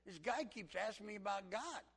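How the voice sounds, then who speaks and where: A man's voice: high voice, lively intonation, fairly quick, creaky, fairly bright tone, husky, big-room sound, pitched above the performer's own voice, heavily acted. A man voicing a humble country lumber-yard worker with a Southern Alabama accent, earnest and folksy, inside a sermon.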